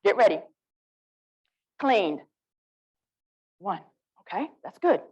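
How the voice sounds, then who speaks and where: A woman with an Alabama Southern accent, leading a lively, interactive literacy workshop and coaxing the audience to join in. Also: medium pitch, slow, breathy edge, lo-fi sound. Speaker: literacy presenter.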